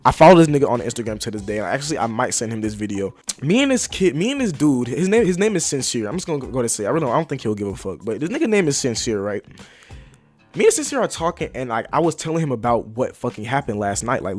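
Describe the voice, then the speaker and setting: A man's voice: mid-range voice, sing-song, quick pace, a little mellow, faint music behind. A young man telling a personal story in a casual, rambling way. He swears a lot, uses slang and keeps addressing his viewers.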